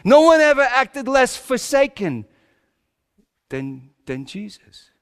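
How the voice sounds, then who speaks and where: Brief: man as Joseph, humble carpenter father; folksy, chuckling storyteller, high pitch, reverberant hall. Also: very animated, measured pace, fairly bright tone, heavily acted. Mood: reflective. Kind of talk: first-person dramatic monologue.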